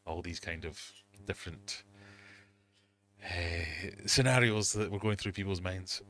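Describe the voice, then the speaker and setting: A man's voice: low voice, a little slow, a bit bright. A middle-aged man hosting a casual livestream from his home fish room, telling rambling, self-mocking stories. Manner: rambling, self-mocking storytelling with quoted asides. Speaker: livestream host.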